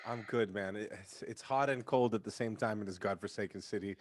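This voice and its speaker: A man's voice: fairly low pitch, brisk, dry recording. A young man guest on a casual online show, telling a rambling story full of swearing. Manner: profane, animated storyteller doing voices. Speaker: podcast guest.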